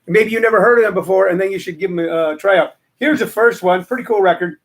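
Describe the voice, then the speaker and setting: A middle-aged man with a high voice hosts a casual show, wandering from story to opinion. He repeats himself and fills pauses with "uh". His talk is loose and chatty. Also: a bit bright. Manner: rambling, opinionated, lots of fillers and repeats. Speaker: host.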